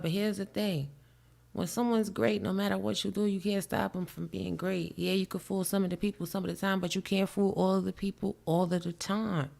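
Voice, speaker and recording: A woman's voice: mid-range voice, creaky, darkish tone. A woman with a New York accent co-hosting a chat show, brash, profane and boastful in casual talk. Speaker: podcast co-host.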